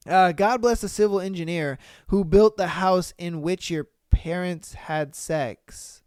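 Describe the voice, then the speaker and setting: A man hosting a podcast, reading listener posts and reacting in a slangy, profane, animated way. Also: high-pitched, a little slow, few pauses, clean tone, no echo, clean studio sound. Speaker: podcast host.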